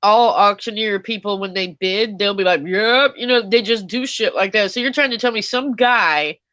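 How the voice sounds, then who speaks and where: A panelist chatting casually, expressive and often incredulous. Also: medium pitch, moderate pace, no echo, highs cut off.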